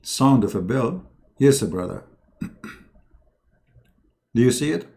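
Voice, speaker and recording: Male streamer, mocking and halting, with a lively voice that swoops up and down. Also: medium pitch, creaky. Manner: sarcastic, halting, with many fillers. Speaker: religious debate streamer. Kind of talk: mocking commentary.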